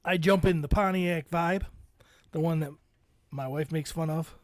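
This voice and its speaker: A man's voice: a little high, normal speed, dry recording. A man in his forties, a podcast co-host, telling a long story to friends and acting out the voices he quotes. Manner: animated storyteller, acts out quoted voices, laughs often. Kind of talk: casual storytelling among friends.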